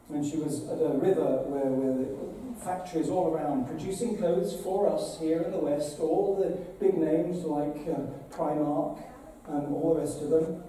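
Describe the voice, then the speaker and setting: A man's voice: a little high, mellow. A man, a bishop, giving an earnest, conversational address to an assembly, with dramatic retellings. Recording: very echoey hall, voice from far off, faint noise.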